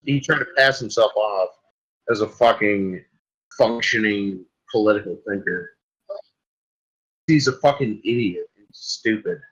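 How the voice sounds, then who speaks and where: A man's voice: lowish voice, unhurried, long pauses, fairly bright tone, poor audio. A man hosting a solo podcast, delivering a rambling, crude comic rant full of swearing. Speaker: podcast host.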